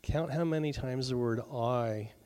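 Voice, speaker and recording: A middle-aged man preaching a sermon at a middle pitch. He talks in an easy, conversational way, drops in joking asides, and briefly acts out the voices he quotes. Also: a little slow, darkish tone. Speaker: pastor.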